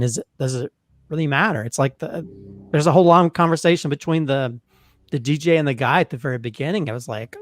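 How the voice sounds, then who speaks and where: A man talks casually as a podcast co-host, rambling and restarting as he builds his point. His voice is a little high, and the sound is dry and close. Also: no echo. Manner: rambling, many fillers and restarts. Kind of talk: casual review chat.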